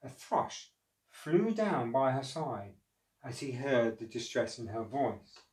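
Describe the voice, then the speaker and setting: Slow gentle storyteller man, echoey room. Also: medium pitch, very animated. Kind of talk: reading a storybook aloud. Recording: echoey room, distant mic.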